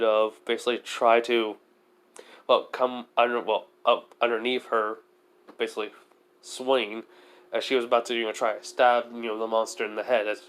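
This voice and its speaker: A man tells an improvised story in a loose, casual way. He fills gaps with fillers and keeps correcting himself. His voice is smooth and clear at a middle pitch. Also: a bit bright. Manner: rambling, filler-heavy, self-correcting. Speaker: fan storyteller.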